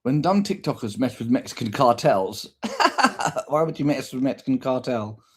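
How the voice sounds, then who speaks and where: A man's voice: medium pitch, big pitch swings, normal speed, husky. A man talking in a casual vlog, crude and exaggerated, swearing constantly. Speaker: vlogger. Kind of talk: casual rant and food vlog.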